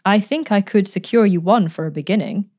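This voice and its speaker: A woman reading a storybook, voicing a charming, playful gentleman who speaks in a breezy, teasing, pleasant way. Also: medium pitch, brisk, close to an everyday voice. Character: charming, playful gentleman adventurer, adult man.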